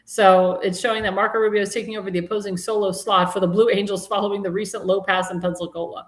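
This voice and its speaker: This host of a live political talk show talks fast with few pauses, her medium-pitched voice showing little pitch movement against a roomy sound. She rambles, restarting and using fillers, and grows mocking and indignant about politics.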